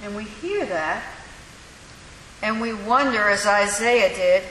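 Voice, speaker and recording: A woman preaching a sermon in a church, telling the story with lively, acted-out voices. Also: medium pitch, slow pace, long pauses. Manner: animated storytelling, acting out voices. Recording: echoey hall with faint hiss.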